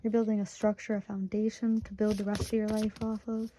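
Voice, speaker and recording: A woman's voice: mid-range voice, flat delivery, brisk, noisy background. A woman in her twenties from Michigan, giving a casual tarot reading, emotional and close to tears, full of "like" fillers. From Michigan, USA. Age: 20s. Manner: emotional, chatty, many "like" fillers. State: tearful, near crying. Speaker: tarot reader.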